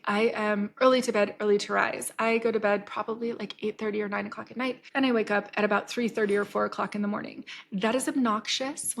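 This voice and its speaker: Woman, forties, podcast host, candid storytelling, swears freely, slightly high voice, flat intonation. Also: gravelly. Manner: retells scenes with quoted dialogue. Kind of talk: casual storytelling.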